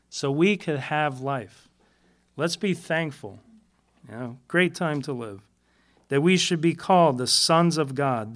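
A man's voice: fairly high pitch, fairly bright tone. A man giving an informal Bible teaching to a fellowship, chatty and self-deprecating, laughing often and repeating key words for emphasis.

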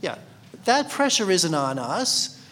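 Man, sermon, conversational, questions to the congregation, slightly high voice, faint background hiss. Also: very animated, takes it slowly, fairly bright tone. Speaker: Bible teacher.

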